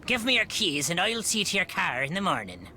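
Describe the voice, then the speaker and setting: Stern, curt caretaker. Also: female voice, on the low side, big pitch swings, a little fast, sharp tone, slight background noise. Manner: curt and dismissive. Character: stern hostile older caretaker woman.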